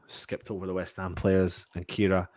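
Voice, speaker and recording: A man from England doing live fan reaction commentary on a match, exasperated and swearing, swinging between low muttering and loud outbursts. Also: completely flat delivery, normal speed, no room sound.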